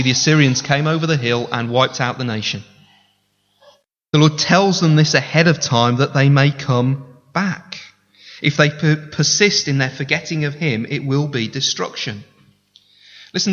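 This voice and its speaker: A man's voice: fairly high pitch, fairly bright tone. A man preaching a sermon as pastor, speaking earnestly and conversationally and appealing directly to his congregation. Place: church sanctuary. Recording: reverberant hall, dull lo-fi sound.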